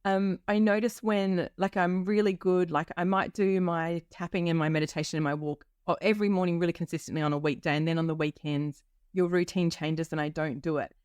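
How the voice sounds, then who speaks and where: Woman, 50s, podcast host, candid personal chat, low-pitched, dry recording. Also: steady tone, a little fast, darkish tone, clean tone, no room sound. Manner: candid and chatty, with many ums and likes. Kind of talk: personal solo podcast reflection.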